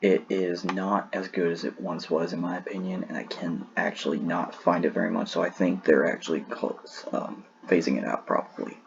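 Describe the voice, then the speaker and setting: A man's voice: sits low, normal speed, creaky, few pauses, muffled recording. A man rambling casually as he ranks sodas in a tier list, sleepy and yawning, often restarting his sentences. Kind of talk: casual solo commentary.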